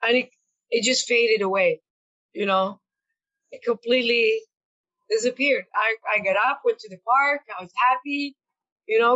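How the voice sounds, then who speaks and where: A woman speaking as an interview guest, sharing personal reflections in an earnest, soft-spoken way with frequent fillers and repeated words. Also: medium pitch, moderate pace, highs cut off.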